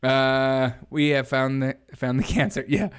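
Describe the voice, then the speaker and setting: A man's voice: medium pitch, unhurried, smooth. A man hosting a casual political live stream, joking and sarcastic, laughing often as he reacts to clips and chat.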